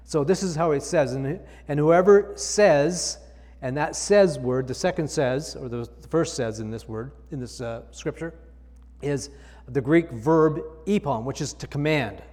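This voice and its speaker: A man's voice: on the high side, measured pace, a little mellow, long reverb tail. A male pastor preaching a sermon, reading scripture aloud and explaining it with emphatic repetition.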